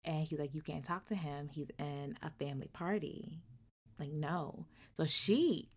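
A woman retelling a novel's plot in a casual chat, acting out the characters' lines and breaking into loud, colloquial asides. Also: fairly low pitch, unhurried. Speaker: book reviewer. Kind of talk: casual book recap.

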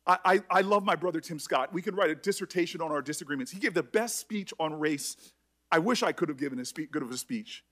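A middle-aged man speaking at a hearing as a senator, emotional and halting, often restarting his sentences. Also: a little high, fairly bright tone. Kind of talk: emotional public address.

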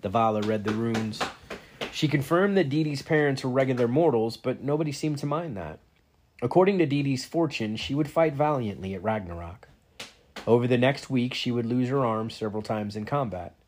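A man's voice: mid-range voice, animated, moderate pace, darkish tone, slight background noise. A man reading a novel aloud, narrating steadily in the first person. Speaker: reader.

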